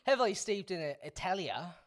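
Podcast co-host: Australian man, dry humor, expressive pitch. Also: fairly quick. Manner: dry, self-deprecating. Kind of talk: casual chat.

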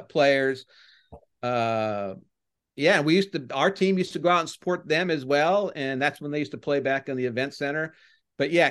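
An older man, a former baseball coach, chatting as a podcast guest and telling rambling stories that get animated when he retells crowd chants. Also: mid-range voice, smooth. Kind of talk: casual podcast interview, storytelling.

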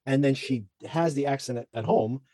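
Male podcast host, chatty recapper; warm, slightly husky, dry close mic. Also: medium pitch, normal speed, no room sound. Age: adult parent. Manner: chatty, rambling with fillers and asides. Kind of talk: casual TV recap chat.

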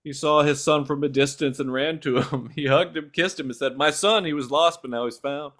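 A man's voice: brisk, a bit bright, close to an everyday voice. A man doing a bragging older politician. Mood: boastful. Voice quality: lowered, drawling cadence with repeated "folks". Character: boastful older male politician, folksy bragger. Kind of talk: comic impression reading a parody text.

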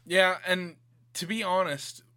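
A man's voice: high-pitched, fairly even intonation, slow pace, bright, forceful tone, no room sound. A man in casual conversation about a video game, recounting scenes with enthusiasm. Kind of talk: casual gaming chat.

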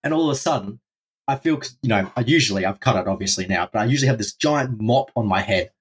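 Husky young man telling a wild story. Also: fairly low pitch, fast. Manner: animated, swears freely, acts out his own panicked reactions. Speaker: podcast guest. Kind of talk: storytelling in a casual interview.

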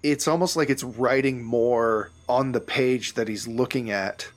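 A man narrating a tabletop game as game master, loose and unhurried, correcting himself as he goes. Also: mid-range voice.

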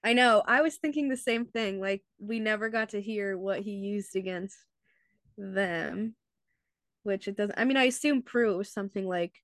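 A woman of medium pitch chats casually with her co-host, laughing often. Her voice sounds close and dry, with no room echo. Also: moderate pace. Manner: chatty, laughs often, lots of "like". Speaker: podcast co-host. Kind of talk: casual chat.

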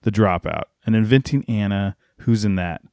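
A man's voice: fairly low pitch, moderate pace, darkish tone, dry recording. Male podcast co-host, casual and rambling, dry close sound. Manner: rambling, full of "like" and restarts. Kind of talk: casual chat.

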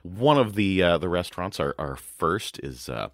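A man's voice: low-pitched, big pitch swings, moderate pace, no echo. A man co-hosting a food podcast, speaking in a dry, wordy, mock-formal way. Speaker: podcast co-host. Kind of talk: casual chat.

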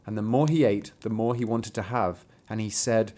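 A man reading a fairy tale aloud with a wry, animated manner, breaking off to joke. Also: on the low side, normal speed, hardly any pauses. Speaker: storyteller.

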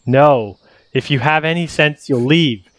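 A man's voice: fairly high pitch, a little slow, no room sound, lightly acted. A man voicing a grizzled old drunk who is fearful and full of doom. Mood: grim.

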